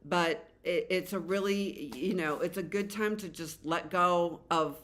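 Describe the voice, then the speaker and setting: A woman's voice: fairly low pitch, a little slow, a bit bright. Chatty rambling woman tarot reader. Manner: chatty, rambling, frequent fillers and restarts; swears casually. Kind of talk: casual tarot reading to camera.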